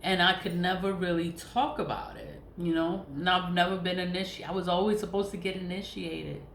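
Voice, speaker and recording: A woman's voice: fairly low pitch, fairly even intonation, brisk, reverberant, a little hiss or hum. A woman vlogger ranting casually to camera, blunt and profane, repeating herself with laughing asides.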